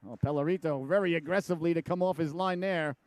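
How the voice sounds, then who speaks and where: A man's voice: a little high, fast, no echo. A middle-aged man calling live hockey play-by-play, chatty and jokey, drifting into personal stories, his voice jumping up on shots and saves. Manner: voice jumps up sharply on shots and saves.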